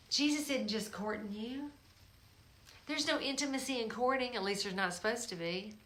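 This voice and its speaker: A woman hosting a show, urging listeners in a spiritual exhortation, coaxing and emphatic, swinging from hushed tones to forceful emphasis. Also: medium pitch, slight background noise. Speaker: show host. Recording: roomy echo.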